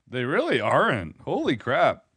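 A man's voice: medium pitch, wildly swooping pitch, a little slow, fairly bright tone, husky, no room sound. A young man co-hosting a casual podcast, teasing his partner and swearing freely. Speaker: podcast co-host. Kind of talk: casual chat.

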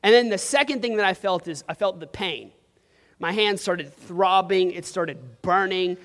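A young man preaches in a casual, story-driven way, full of "like" and "um." His voice sits high, and a long hall reverb trails behind him. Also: a little slow, a bit bright. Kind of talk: sermon. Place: church hall.

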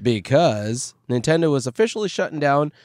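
A man co-hosting a casual podcast chat, joking around and often pausing to search for words with fillers. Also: fairly high pitch, big pitch swings, a little mellow, dry recording, studio quality. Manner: jokey, hesitant, searches for words with many fillers. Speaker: podcast co-host.

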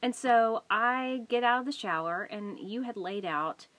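A woman in casual conversation, telling a shared story in a lively way with frequent laughter. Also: fairly high pitch, unhurried.

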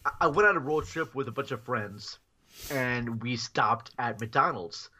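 Male podcast guest, bright-toned, loose and rambling, chuckles through his stories. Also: medium pitch, unhurried. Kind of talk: casual storytelling.

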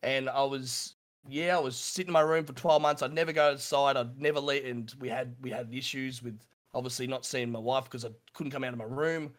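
A middle-aged Australian man telling his story in an interview, halting and repeating himself, with nervous laughs. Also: medium pitch, fairly even intonation. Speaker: streamer guest.

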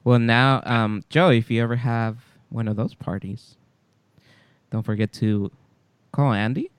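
A man's voice: mid-range voice, fairly even intonation, a little slow, clear, resonant tone, no room sound. A man with a Latino accent co-hosting a podcast in casual, teasing chat. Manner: joking, teasing. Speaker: podcast co-host.

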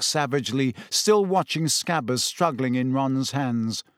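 A man narrating an audiobook in a measured, even way. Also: mid-range voice, no room sound, studio quality. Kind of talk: scripted narration.

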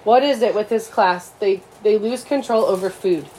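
A woman's voice: medium pitch, moderate pace, darkish tone, a little hiss or hum, natural voice, poor audio. A woman voicing a confident schoolgirl who speaks directly and kindly to a classmate. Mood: friendly.

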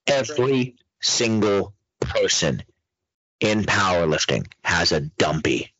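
A male podcast host talks in a loose, swearing, storytelling way, his pitch swinging widely from line to line. His voice has a husky edge. The audio is dry and a bit dull. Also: sing-song, slow, fairly bright tone, no room sound. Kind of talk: casual profane chat.

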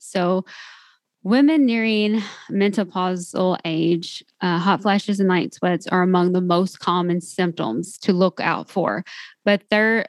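A woman's voice: lowish voice, dry recording. Chatty woman hosting a podcast, dry sound. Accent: Southern US. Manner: chatty, rambling, with fillers and laughs. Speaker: podcast host. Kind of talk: podcast interview.

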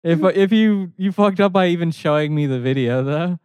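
A man's voice: fairly high pitch, fairly quick, darkish tone, clear, resonant tone, no echo. A man co-hosting a comedy podcast, joking and laughing as he chats casually. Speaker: podcast co-host.

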